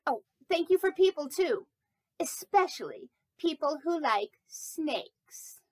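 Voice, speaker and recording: A woman's voice: high voice, lively intonation, slow pace, a little mellow, no room sound. A woman voicing a vain, chatty, silly snake puppet in a children's sermon, talking playfully with rambling asides. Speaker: pastor.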